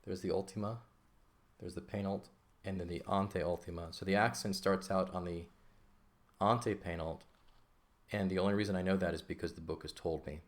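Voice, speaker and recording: A man's voice: low-pitched, steady tone, normal speed. A man teaching an ancient Greek lesson in a patient, casual way, often checking in with "okay?". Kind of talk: casual lesson explaining grammar.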